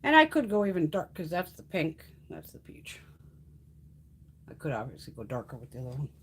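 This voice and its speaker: A woman's voice: deep voice, huge pitch swings, a little fast, slight background noise. A woman hosting a casual makeup livestream from home, chatty and salty, swearing freely and cooing at her cats. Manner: coos in baby talk at her cats. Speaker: beauty livestream host.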